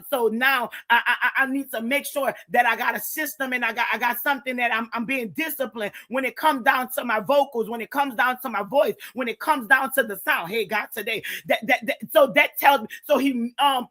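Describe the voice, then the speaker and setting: A woman preaching in an impassioned sermon style, fervently repeating exclamations to God and bursting into shouts. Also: high-pitched. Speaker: Christian preacher and show host.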